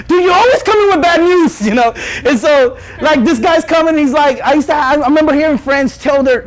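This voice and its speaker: A young male youth pastor with a strikingly high voice. He preaches in an animated, jokey way that climbs into shouted appeals. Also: fairly quick, hardly any pauses, low-quality recording. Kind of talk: youth sermon.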